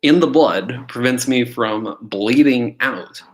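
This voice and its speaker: Middle-aged man, live-stream study instructor, casual and rambling, quiz questions, average pitch. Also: takes it slowly, rough recording. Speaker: test prep instructor. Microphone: computer mic on a live stream.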